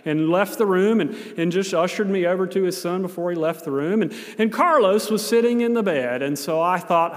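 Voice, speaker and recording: High-voiced American preacher in a reverberant hall. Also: male voice, moderate pace, few pauses. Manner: animated, self-mocking storytelling. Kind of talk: storytelling sermon.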